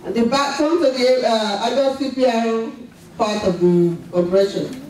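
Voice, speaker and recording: High-voiced man teaching a first-aid class. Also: measured pace, a little mellow. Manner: plain, repeats key steps with frequent "okay?" checks. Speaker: CPR instructor. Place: large indoor conference hall. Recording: echoey hall from far off, faint noise.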